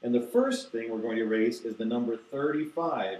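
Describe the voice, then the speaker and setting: A man explaining to teachers how to teach a verse to children, acting out slow, deliberate recitation. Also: medium pitch, sing-song, a little mellow, roomy sound, rough recording. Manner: demonstrates, reciting key phrases slowly and deliberately. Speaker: Bible teacher. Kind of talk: instructional talk to teachers.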